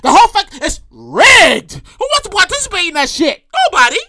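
Woman host, casual rant, animated, profane, sharp bright tone. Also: very high-pitched, moderate pace. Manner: animated, profane, acts out quotes. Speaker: show host.

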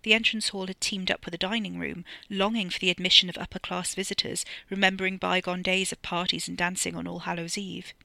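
An author narrating their own novella with crisp, wry storytelling. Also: mid-range voice, little pitch movement, brisk, hardly any pauses, bright, forceful tone, no room sound. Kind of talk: audiobook narration.

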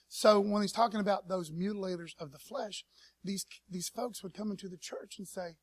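High-voiced, laid-back man preaching. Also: moderate pace, dry recording. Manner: laid-back slangy preaching, peppered with "man" and "you know what I mean"; calls for audience response. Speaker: pastor. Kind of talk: casual sermon. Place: church service.

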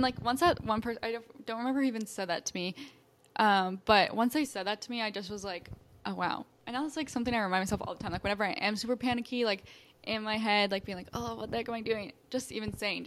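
A woman in her early twenties co-hosting a podcast, talking casually with lots of fillers in quick bursts. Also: medium pitch, a bit bright. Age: early 20s. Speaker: podcast co-host. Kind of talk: casual chat.

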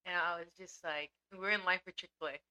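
A woman's voice: on the low side, steady tone, fast talker, pushed and bright, rough recording. A young married woman co-hosting a casual podcast, telling stories in a loose, slangy way with lots of "like" and some swearing. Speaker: podcast co-host. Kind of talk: casual chat.

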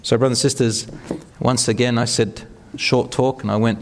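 A man's voice: mid-range voice, little pitch movement, normal speed, big-room sound, slight background noise. A man giving an earnest, encouraging religious talk, telling stories to an audience. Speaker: speaker at a talk.

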